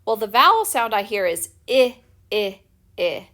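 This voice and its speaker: A woman teacher giving a recorded spelling lesson for young children, patiently and clearly sounding out letters. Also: on the high side, sing-song, moderate pace, bright, forceful tone. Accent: American.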